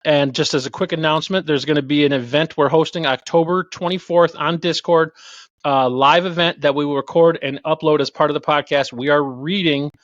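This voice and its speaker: A man's voice: on the high side, fairly even intonation, a little fast, a bit bright, dry recording. A chatty male podcast host with a slightly raised voice. He rambles along easily, stopping to search for words. The sound is dry and a little dull, like a modest lo-fi setup. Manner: loose, chatty, lots of fillers and restarts. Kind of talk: casual podcast chat.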